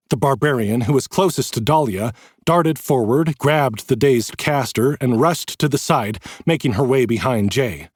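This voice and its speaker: A man reading a fantasy audiobook in dramatic, expressive narration. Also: medium pitch, normal speed, slightly rough, no echo, clean studio sound.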